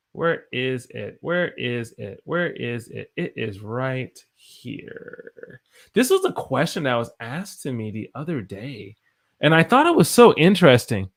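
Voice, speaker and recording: An American man in his thirties teaching English on a live stream, speaking slowly and repeating phrases for learners to copy. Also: medium pitch.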